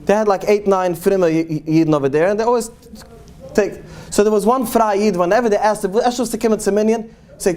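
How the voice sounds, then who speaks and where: A man, a rabbi, telling stories to an audience in English, animated and acting out the people he quotes. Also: sits high, fast. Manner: animated storyteller, acts out quoted voices, Yiddish-laced English. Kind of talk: storytelling talk to an audience.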